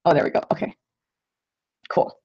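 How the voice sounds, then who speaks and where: A woman's voice: normal speed, mellow. A young woman chats loosely with her livestream viewers while she paints at home. She wanders from thought to thought, stacks up fillers, and laughs at herself. Her voice comes through slightly dull, lo-fi stream audio. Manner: scattered and self-deprecating, many fillers and okays. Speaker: artist livestreaming to patrons.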